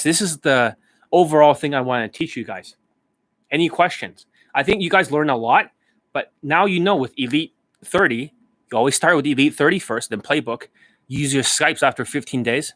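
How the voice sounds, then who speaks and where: A male dating coach rambles bluntly to his viewers and swears casually. His voice is mid-pitched. The recording is dry and close. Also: a bit bright, dry recording.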